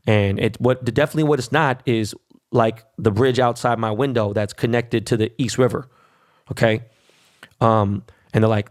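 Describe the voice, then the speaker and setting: A man's voice: lowish voice, moderate pace, no room sound, clean studio sound. A man hosting a podcast in a brash, casual monologue, swearing constantly and tagging "right?" onto his sentences. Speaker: podcast host. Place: New York.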